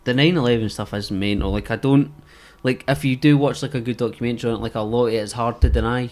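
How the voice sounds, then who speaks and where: A man's voice: medium pitch, steady tone, fast talker, a little mellow. A man co-hosting a casual podcast chat, agreeable and rambling with lots of fillers. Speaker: podcast co-host.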